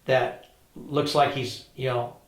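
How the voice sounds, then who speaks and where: An older man recounting his past as an interview guest, a lively anecdotal storyteller who acts out the dialogue. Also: medium pitch, slow pace. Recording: roomy echo.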